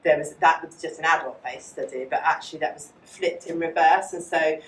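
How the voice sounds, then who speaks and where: A woman lecturer, giving a fast, chatty academic talk with many fillers and taking audience questions. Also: sits low, steady tone, slight background noise. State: out of breath. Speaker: psychology lecturer. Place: lecture hall. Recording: echoey room, distant mic.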